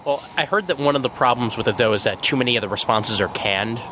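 A man's voice: mid-range voice, quick pace, background noise. A man co-hosting a podcast in casual chat, giving short acknowledgements and throwing in goofy bits. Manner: brief acknowledgements, bursts of goofy quoting. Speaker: podcast co-host.

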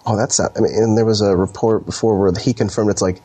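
A man's voice: lowish voice, steady tone, quick pace, mellow, breathy edge. A young man co-hosting a podcast, talking casually and rambling with restarts and sighs. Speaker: podcast co-host. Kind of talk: casual chat.

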